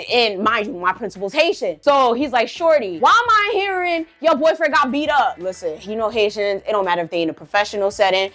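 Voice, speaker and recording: Animated profane young woman vlogger, high voice. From United States. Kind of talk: storytime vlog.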